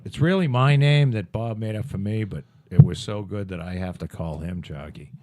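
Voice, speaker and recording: A man's voice: fairly low pitch, normal speed, mellow. A man co-hosting a podcast, ranting about politics in crude, profane banter. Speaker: podcast co-host.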